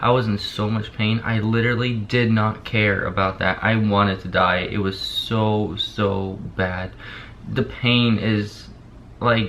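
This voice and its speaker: A young man talks casually to the camera in a lowish voice. He is drowsy on pain medicine, barely opens his mouth, and rambles with repeats and filler words. The audio is dull and lo-fi, with a faint hiss underneath. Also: fairly bright tone. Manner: rambling, repeats himself, lots of "like". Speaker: vlogger.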